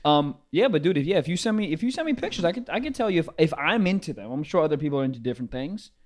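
A young man hosting a casual podcast chat, animated, swooping up high when he quotes people. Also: rapid-fire. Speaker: podcast host.

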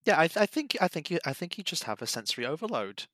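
Chatty man, bright voice. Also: on the high side, very animated, quick pace, no echo. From England. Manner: rambling, filler-heavy, drifts between accents. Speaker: podcast guest. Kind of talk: casual chat.

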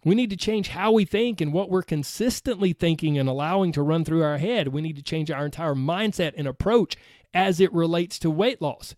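A man with a Southern accent delivers an earnest, chatty podcast monologue as a coach. His voice sits high for a man, and it is recorded dry and close with no room around it. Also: normal speed, a little mellow, dry recording. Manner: earnest, conversational, frequent "right?". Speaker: podcast host and weight-loss coach.

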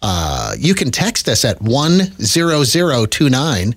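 A man's voice: mid-range voice, very animated, unhurried, breathy edge. A man co-hosting a podcast from a radio studio, telling rambling stories with a wry, joking manner. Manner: wry, jokey, rambling storyteller. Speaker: podcast co-host. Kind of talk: casual chat. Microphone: studio mic with headphones.

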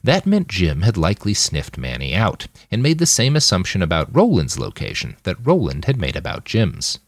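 A man narrating his own fiction podcast in an expressive, scripted reading. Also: sits low, dry recording, studio quality.

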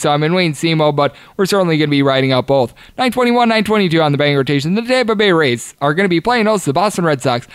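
A man hosting a sports betting podcast, reeling off batting averages and betting lines quickly and with emphasis. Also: high voice, fairly bright tone, clean tone, no room sound. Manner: rattles off stats quickly, emphatic. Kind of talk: fast scripted-style sports betting analysis.

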